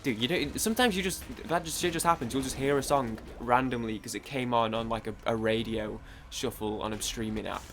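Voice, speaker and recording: With a Mancunian accent, a young gaming streamer from Manchester, England, talks casually while he plays, rambling, stammering, repeating words and swearing. His mid-range, fairly bright voice is a little fast with few pauses, and there's slight background noise.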